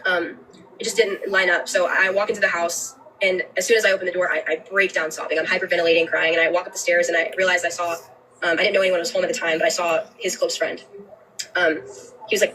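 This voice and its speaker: A young woman giving a personal account on a livestream, earnest, with frequent halting restarts. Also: lowish voice, level tone, bright, forceful tone, recorded from a distance, a little hiss or hum, rough recording. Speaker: livestreamer telling her story.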